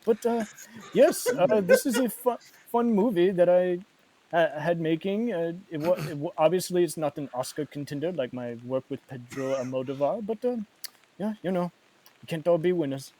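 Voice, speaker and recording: Man doing a boastful film star impression, crude jokes, halting delivery, somewhat high voice. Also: animated, mellow, poor audio. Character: impression of a famous male Spanish film actor, boastful.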